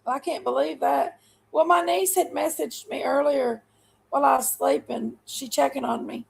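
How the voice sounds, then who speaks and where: A woman's voice: high voice, fairly even intonation, moderate pace, vocal fry, poor audio. A woman hosting a livestream, rambling along in folksy, casual chat with her viewers. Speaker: livestream host.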